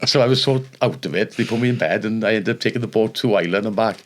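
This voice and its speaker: Welsh guy, older, really low voice, spins rugby yarns and does all the voices. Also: fast, a little hiss or hum. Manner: animated anecdotes, acts out the people in his stories. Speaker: podcast co-host, former rugby player. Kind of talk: casual storytelling.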